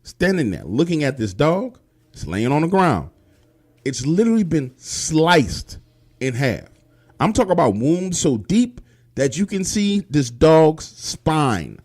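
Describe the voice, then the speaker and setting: A man telling a true horror story in a profane, animated, street-style way. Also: on the high side, a little slow.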